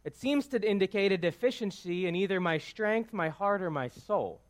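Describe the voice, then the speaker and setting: In a church sanctuary before his congregation, a pastor with a high voice and lively intonation preaches a conversational sermon at normal speed. He speaks informally, asks the room questions, and keeps checking in with "right?".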